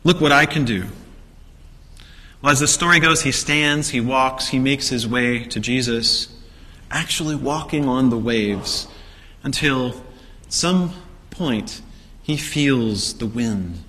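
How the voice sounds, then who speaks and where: A man delivers a sermon in a bright, forceful voice. He retells the story vividly, asking rhetorical questions and acting out the quotes. His voice rings with a long reverb, as in a large hall. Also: medium pitch, slow pace. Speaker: preacher.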